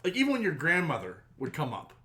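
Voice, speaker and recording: A man's voice: a little high, fast. A man co-hosting a casual podcast, teasing his friend and acting out voices in his stories. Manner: animated teasing, mimics voices in quotes. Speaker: podcast co-host. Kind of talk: casual chat.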